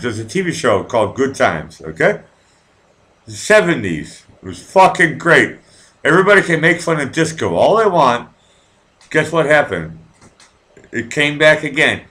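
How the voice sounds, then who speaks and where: Guy in his 40s ranting on a live stream, swears a lot, mid-pitch voice. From Massachusetts, near Boston. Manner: profane, rambling and ranting, swings from mumbling to loud outbursts. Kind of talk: casual live-stream chat reading viewer comments.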